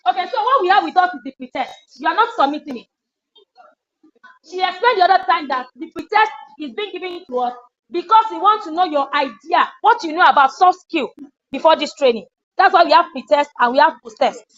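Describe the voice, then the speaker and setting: A woman trainer giving an animated classroom lecture and acting out a teacher scolding a student. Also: very high voice, a little fast, highs cut off. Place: lecture room.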